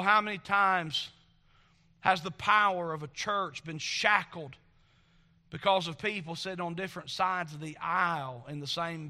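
High bright-voiced preaching man. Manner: preaching with rising emphatic swells and repeated refrains. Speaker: pastor. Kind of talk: sermon. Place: church auditorium.

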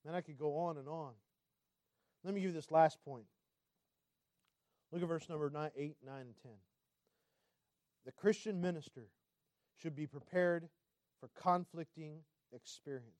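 A male pastor preaching a sermon, swinging between loud emphatic lines and quiet asides and asking the congregation direct questions. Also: on the high side, normal speed, long pauses, no room sound, studio quality.

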